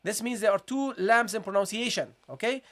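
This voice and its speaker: A recitation teacher runs a live online tajweed lesson in a mid-pitched voice. The teacher drills each syllable slowly and repeats every rule. The teacher also keeps addressing viewers as "guys" and urges them to answer in the chat. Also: a bit bright. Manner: repetitive, keeps calling the audience "guys"; asks for chat responses, encouraging.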